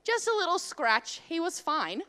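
Woman, high voice, bright tone, casual animated anecdote, comic asides. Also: a little slow. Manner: animated, comic, lots of fillers like "like". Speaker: storyteller.

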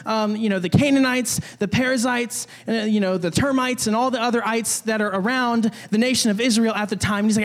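A young man with a fairly high voice preaches in a relaxed, chatty way, full of restarts and little jokes. His words ring out with a long reverb, as in a church hall. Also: brisk, few pauses. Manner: conversational, many restarts, jokey asides. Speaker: pastor. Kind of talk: casual sermon.

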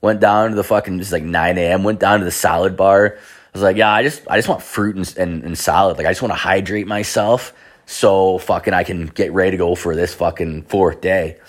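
A man's voice: low-pitched, steady tone, fairly quick. A young man telling a rambling, profane personal story in casual chat. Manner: profane, rambling, many restarts and fillers.

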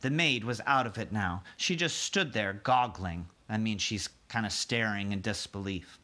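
A man, a teacher, reading a chapter book aloud to his class and pausing to explain hard words for children. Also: on the low side, sharp tone.

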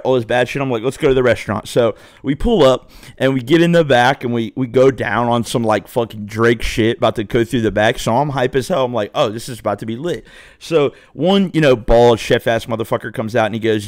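A young man spins a profane, swaggering story in casual chat. His voice sits at an ordinary middle pitch and sounds dry and close, with no room around it. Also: dry recording. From Southwest Ohio.

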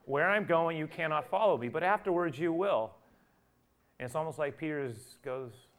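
A male pastor preaching a sermon, acting out the dialogue he quotes and rising from quiet to loud. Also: fairly high pitch, expressive, normal speed.

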